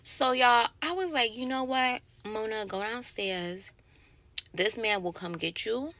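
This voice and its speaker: A woman telling a casual story to camera about a bad date, indignant and animated, swearing and acting out both sides of the dialogue. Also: fairly high pitch, measured pace. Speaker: sales associate telling a dating story.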